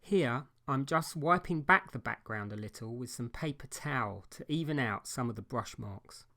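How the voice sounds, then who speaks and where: A man speaks in a steady, unhurried voice-over for an art lesson. His delivery is calm and explanatory, like a teacher walking through each step of his own painting. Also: mid-range voice. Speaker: painting instructor. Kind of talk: scripted tutorial voice-over.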